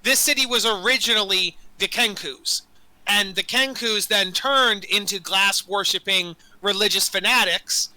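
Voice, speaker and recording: Bright, high-voiced male game master. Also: a little slow, low-quality recording. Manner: rambling, self-correcting, with many fillers. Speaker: dungeon master. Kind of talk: narrating a tabletop game.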